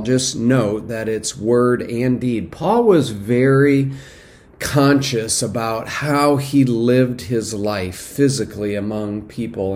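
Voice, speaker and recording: Pastor, male, mid-pitched, steady teaching sermon with frequent fillers, lifts for exhortation. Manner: measured teaching with frequent fillers and restarts, rising in emphasis for exhortation.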